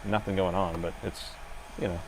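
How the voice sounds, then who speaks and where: Low-voiced man narrating a live repair. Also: flat delivery, normal speed, slight background noise. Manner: chatty, explains steps while working, jokes with chat. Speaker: livestream repair host. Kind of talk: casual live-stream narration.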